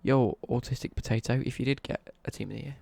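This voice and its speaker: A man's voice: medium pitch, fairly even intonation, fast, creaky, a little mellow, no echo. Cheeky man streaming games. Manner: cheeky, jokey banter, reads out chat messages. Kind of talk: live game stream chat.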